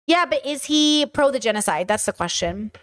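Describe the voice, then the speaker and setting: A woman with a high, bright-pitched voice talks straight into her mic as a podcast host reacting to clips. She is blunt and profane and keeps drifting off on tangents. The delivery stays loose and conversational. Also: animated, normal speed. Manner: blunt, profane, rambling asides. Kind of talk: casual commentary.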